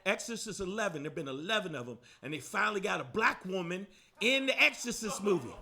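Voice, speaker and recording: Brash, profane male stand-up comic with a high voice, working a club crowd. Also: very animated, fast, vocal fry, bright, forceful tone. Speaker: stand-up comedian. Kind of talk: stand-up comedy set. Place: comedy club before a live audience. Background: audience laughter.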